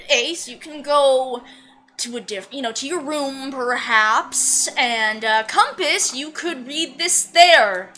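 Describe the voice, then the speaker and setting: A woman chatting casually with friends, laughing often and teasing in an animated way. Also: sits high. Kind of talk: casual chat among friends.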